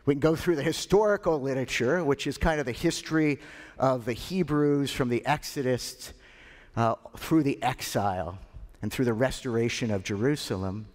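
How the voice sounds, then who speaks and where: Storytelling male preacher in echoing hall. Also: medium pitch. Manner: animated, dramatic pauses. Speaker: pastor. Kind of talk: sermon storytelling.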